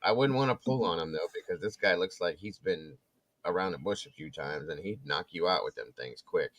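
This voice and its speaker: This co-host's low voice ranges widely as he tells a casual story at a fairly quick clip. He springs upward to act out quoted people, then drops back into relaxed chatter.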